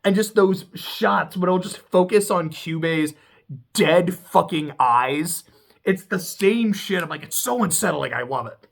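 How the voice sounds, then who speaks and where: A speaker casually recapping a TV episode, excitable and profane, laughing often. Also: medium pitch, measured pace, vocal fry. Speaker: TV show reviewer.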